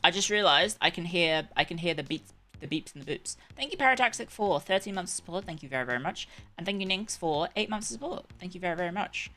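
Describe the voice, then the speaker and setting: A woman's voice: lowish voice, animated, quick pace, bright, forceful tone. A young woman chatting casually on a live stream, rambling and correcting herself as she goes.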